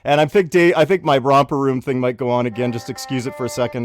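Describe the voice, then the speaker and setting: A man co-hosting a comedy podcast, ranting in a grumbling, deadpan way. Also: mid-range voice, fast talker, few pauses. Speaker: co-host.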